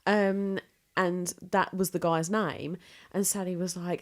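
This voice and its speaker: A woman's voice: lowish voice, unhurried. Woman telling a story in casual chat. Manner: animated storyteller, swears. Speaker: podcast co-host.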